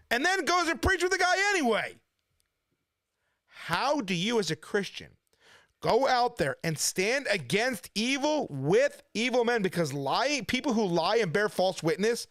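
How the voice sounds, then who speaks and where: A man's voice: very high-pitched, sing-song, moderate pace, fairly bright tone, dry recording, clean studio sound. A man at home in his kitchen, ranting indignantly in casual commentary, firing off rhetorical questions. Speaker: preacher and channel host.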